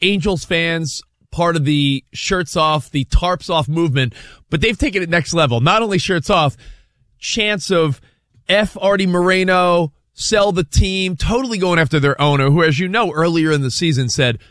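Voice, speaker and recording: A man co-hosting a sports talk radio show, telling stories in a rambling, animated way. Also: a little high, moderate pace, dry recording, studio quality. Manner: rambling, animated storytelling with restarts.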